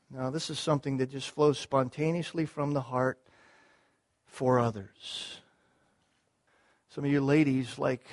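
A man's voice: medium pitch, steady tone, unhurried, pauses often. A man preaching a sermon to his congregation, earnest, repeating key words, with small restarts as he explains. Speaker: pastor.

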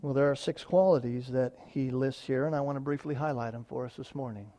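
A man preaching a sermon, swinging from loud emphatic declarations to quiet, quick asides while reading scripture. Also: mid-range voice. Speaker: pastor.

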